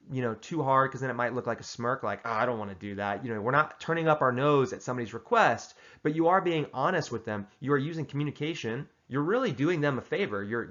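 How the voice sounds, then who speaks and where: A man hosting a casual comedic advice monologue, delivering tongue-in-cheek tips in a mock-serious, deadpan way with frequent restarts. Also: medium pitch, lo-fi sound.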